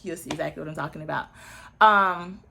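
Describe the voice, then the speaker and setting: Woman in her early thirties, bright voice, chatty opinionated recap host, asides to viewers. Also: low-pitched, fairly quick, gravelly, breathy edge. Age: early 30s. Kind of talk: casual recap chat.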